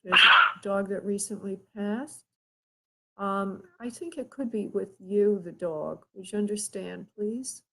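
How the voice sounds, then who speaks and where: A woman hosts a live psychic reading, her voice a bit husky and breathy. She talks in halting bits with frequent pauses and fillers, gently calling her caller "honey" or "love". Her pitch sits in an ordinary middle range. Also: low-quality recording. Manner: halting, pauses often, addresses caller with endearments. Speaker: psychic medium host.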